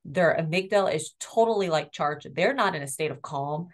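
A woman's voice: deep voice, expressive, moderate pace. A middle-aged woman educator speaking earnestly and with empathy in an interview about guiding children. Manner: earnest, empathetic, demonstrates tones of voice. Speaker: school educator and guest. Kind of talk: interview conversation.

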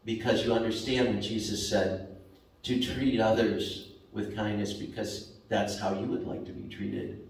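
A man preaching a sermon as pastor, slow and repetitive, rising sharply for emphasis. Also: fairly low pitch, flat delivery, creaky. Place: church sanctuary. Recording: very echoey church hall, mic at a distance.

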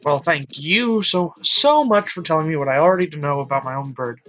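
A man's voice: a little high, a little fast, bright, forceful tone, soft background music. A man voicing a defensive, hurt young man. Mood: evasive.

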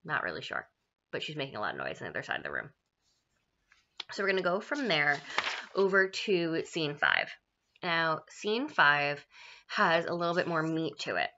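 A woman's voice: sits low, huge pitch swings, moderate pace, long pauses, pushed and bright, muffled recording, slight background noise. A woman teacher explaining a play to her class in a casual, chatty way, paraphrasing often and checking in with "right?".

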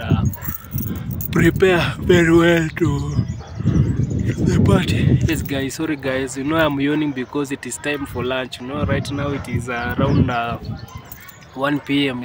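A Kenyan man narrating a casual village vlog outdoors, hesitant with many fillers and frequent "yes, guys". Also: mid-range voice. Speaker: vlogger. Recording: clear outdoor background noise.

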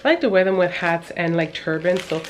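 This woman in her thirties, a mom vlogger, has a fairly low-pitched voice and talks fairly quickly, with a little hiss or hum in the audio. Breathless, she chats casually to her vlog viewers, rambling with plenty of fillers and little laughs.

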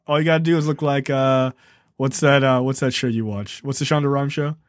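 A man's voice: medium pitch, fairly even intonation, fairly quick, dry recording, clean studio sound. A man co-hosting a casual film podcast, teasing his friends, laughing and swearing freely. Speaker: podcast film review co-host. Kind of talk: casual joking banter.

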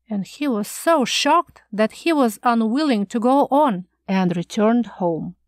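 A woman narrating an audiobook of a classic short story in a calm, measured storytelling manner. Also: a little high, dry recording.

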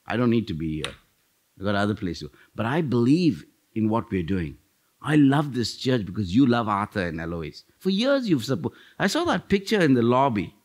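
A middle-aged man preaches in a church, his voice swinging widely through its range and leaping up high as he acts out quoted voices. He speaks at a mid pitch, with an animated storytelling drive. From India. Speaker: guest missionary preacher. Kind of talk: sermon. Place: church sanctuary.

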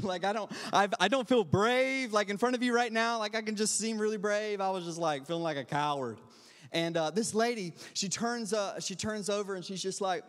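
High-voiced young preacher in echoing sanctuary. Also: male voice, fairly quick. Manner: energetic, storytelling preacher with call-and-response. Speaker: youth pastor. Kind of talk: sermon. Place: church sanctuary. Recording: long hall reverb.

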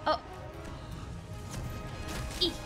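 A woman streamer reacting to a game she is playing, full of excitable yelps, exclamations and giggles. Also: extremely slow, over music. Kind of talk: live gameplay commentary.

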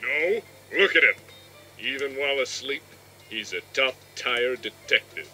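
A man's voice: mid-range voice, lively intonation, a little slow, pushed and bright, soft background music. A man voicing an overexcited, eccentric male detective in a fan-dub parody cartoon. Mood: manic.

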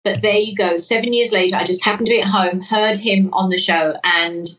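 Animated woman from southwest London. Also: mid-range voice, brisk. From England, south-west London area. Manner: animated storytelling, acts out quoted dialogue, frequent restarts. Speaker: guest, lottery winner. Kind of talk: casual podcast interview. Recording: dull sound from a distant mic.

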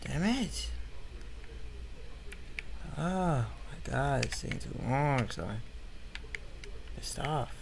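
A man's voice: medium pitch, expressive, very slow, creaky, long pauses, background noise. A man giving casual, grumbling commentary over his own gameplay, slangy and easily frustrated. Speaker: gaming YouTuber.

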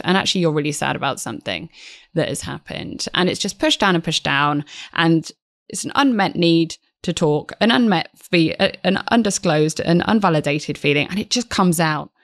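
A woman appears as a guest psychotherapist in a podcast interview, speaking earnestly and reflectively and often restarting her sentences. Her voice is lowish, recorded cleanly in a studio with no room sound.

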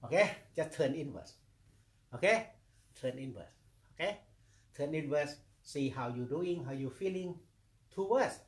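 Slow, repetitive meditation teacher. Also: male voice, fairly high pitch, expressive. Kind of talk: dharma talk. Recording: echoey room.

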